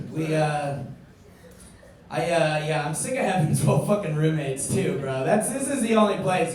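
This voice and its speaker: A young adult man doing a stand-up set, ranting and swearing, building to loud indignant outbursts. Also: fairly high pitch. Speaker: stand-up comedian. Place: comedy club stage. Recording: echoey room, far from mic, crowd laughing.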